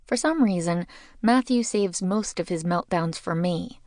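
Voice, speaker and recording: A woman's voice: fairly low pitch, measured pace, darkish tone, no echo, studio quality. A woman narrating a mystery audiobook in the first person, with a wry, conversational telling.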